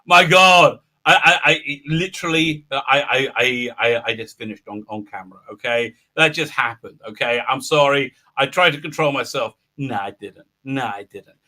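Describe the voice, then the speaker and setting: A middle-aged man hosting a live stream, greeting viewers and rambling excitedly, with loud outbursts of delight. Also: mid-range voice, normal speed. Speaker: livestream host. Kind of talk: live stream chat, reading viewer comments.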